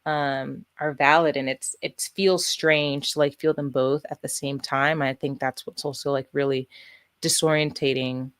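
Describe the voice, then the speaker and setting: A woman's voice: very deep voice, fairly even intonation, unhurried, fairly bright tone, clean tone, no echo. A woman hosting a podcast, speaking in a supportive and reflective way during a casual interview. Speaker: podcast host.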